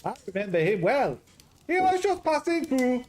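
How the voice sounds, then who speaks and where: A man's voice: very high voice, big pitch swings, normal speed, darkish tone, pitched above the performer's own voice. A man voicing a cheerful middle-aged Greek restaurant owner in a game, with a put-on Greek-Scottish accent and a chatty, exclaiming manner. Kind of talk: reading game dialogue aloud.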